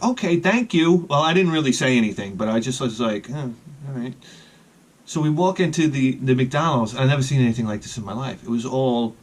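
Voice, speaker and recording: A middle-aged man telling a rambling casual story, restarting his sentences and chuckling at his own jokes. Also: mid-range voice.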